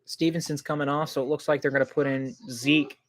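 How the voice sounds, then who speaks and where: A man hosting a livestream football reaction, excitable and quick to get indignant at calls, loose and rambling with many ums. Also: on the high side. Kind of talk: live football reaction commentary.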